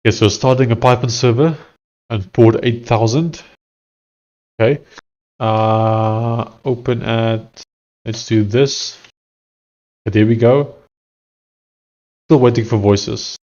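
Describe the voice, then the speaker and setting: South African man coding out loud. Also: mid-range voice, fairly even intonation, takes it slowly, pauses often, muffled recording. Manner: thinks aloud, hesitant with restarts. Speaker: software developer streamer. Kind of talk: casual live-coding commentary.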